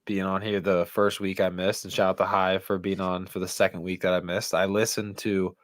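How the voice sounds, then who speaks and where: Laid-back, lower-voiced male co-host. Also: level tone, a little fast, dry recording, clean studio sound. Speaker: podcast co-host. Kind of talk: casual chat.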